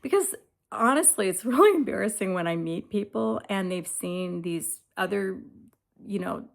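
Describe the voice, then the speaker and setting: Gravelly-voiced woman in her seventies. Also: medium pitch, lively intonation, normal speed. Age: 70s. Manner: candid, reflective, conversational. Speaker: lifestyle vlogger. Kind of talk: casual personal vlog talk.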